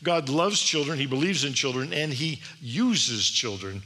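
Bright-voiced man preaching in a hall. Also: mid-range voice, lively intonation, unhurried. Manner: emphatic, with rhetorical questions. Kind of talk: sermon-style address. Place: large hall with an audience. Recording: long hall reverb.

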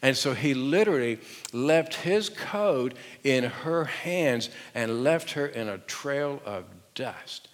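In a large hall, a male pastor with a mid-range voice preaches slowly, retelling a story. He's animated and humorous, putting direct questions to the congregation.

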